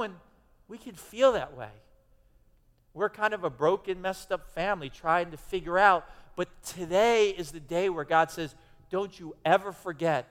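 A man's voice: a little high, a bit bright. A male pastor preaching a sermon in a church, in an emphatic, conversational way with many restarts. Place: church sanctuary. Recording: long hall reverb.

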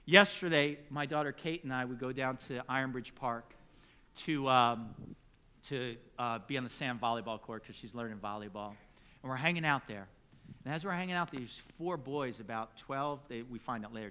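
Man, middle-aged pastor, sermon, storytelling, bright tone, emphatic peaks. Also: mid-range voice, normal speed, slight background noise. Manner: storytelling, acts out dialogue, rises to loud emphatic peaks.

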